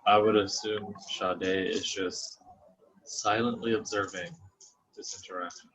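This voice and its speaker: A male player speaks slowly and hesitantly in a low, flat voice. He sounds far from a dull mic, with faint noise behind him.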